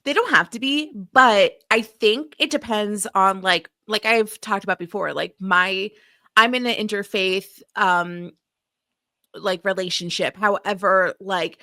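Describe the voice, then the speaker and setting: A woman co-hosting a podcast, chiming in with a hesitant, considered point. Her voice is bright and clear, and it is recorded dry and close. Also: medium pitch, a little slow, no room sound. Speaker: podcast co-host. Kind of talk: casual chat.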